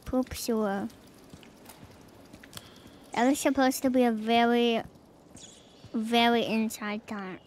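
A woman's voice: a little high, steady tone, takes it slowly, pauses often, a little hiss or hum. A woman streaming a video game, chatting casually in a playful, self-mocking way.

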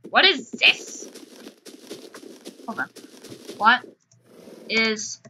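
A woman's voice: a little high, lively intonation, extremely slow, noisy background. A woman giving casual, playful gameplay commentary, chatting and humming little tunes as she plays. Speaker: gamer.

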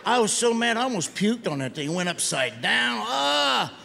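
A middle-aged man working a comedy stage, his voice sitting a little high. He spins his stories in a folksy, deadpan drawl. Steady noise from the live room runs underneath him. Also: moderate pace, creaky. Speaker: stand-up comedian. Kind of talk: stand-up comedy routine.

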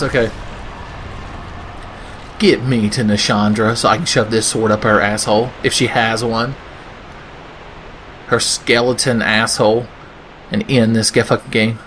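A man's voice: mid-range voice, fairly even intonation, unhurried, long pauses, a bit bright, slight background noise. A man doing sarcastic, profane comedic commentary over gameplay, ranting and putting on silly voices. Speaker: gaming video host.

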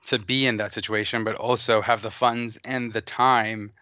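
A man's voice: on the low side, little pitch movement, moderate pace, sharp tone, clean tone, no echo. A man co-hosting a casual gaming chat, teasing his friend and joking along. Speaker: podcast co-host.

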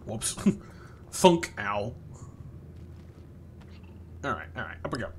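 A man's voice: lowish voice, sing-song, takes it slowly, a bit bright, slight background noise. A man streaming live gameplay, chatting playfully with viewers and reacting to the game.

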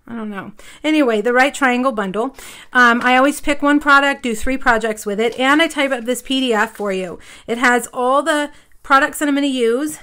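Woman, high and bright, casual live craft demo host, rambly and friendly-paced. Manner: chatty, rambling, many fillers and asides. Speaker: papercraft demonstrator. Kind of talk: live craft tutorial chat.

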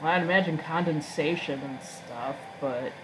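A woman's voice: deep voice, moderate pace, background noise. A woman chatting casually and making joking asides while she plays a video game. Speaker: let's-play gamer. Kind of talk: casual gameplay commentary.

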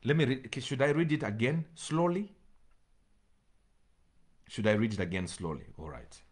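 With a mid-range voice full of big pitch swings, a pastor delivers a sermon, reading scripture slowly and repeating phrases to drive points home. He speaks straight to the congregation, sometimes pleading with them.

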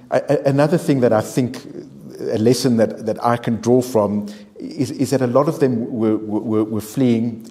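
A South African author, appearing as a guest on a discussion panel, answers haltingly, repeating words and restarting often. His voice is mid-range with a dark tone.

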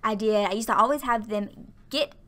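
A woman's voice: mid-range voice, fairly quick, pushed and bright. A woman giving a casual, rambling voiceover for her game video, often stumbling over her words. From American South. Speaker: Sims YouTuber. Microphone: home voiceover mic.

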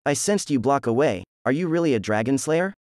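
A man's voice: mid-range voice, animated, fairly quick, a little mellow, no echo, lightly acted. A rude, lazy young ninja who throws out crude, mocking insults, as a man reads him in a fan story. The voice sits close and dry, with no room around it.

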